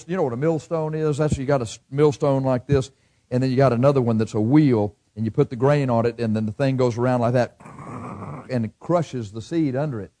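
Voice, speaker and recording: A middle-aged pastor with a mid-range voice gives a sermon, shifting from loud bursts to hushed asides and acting out his listeners' voices.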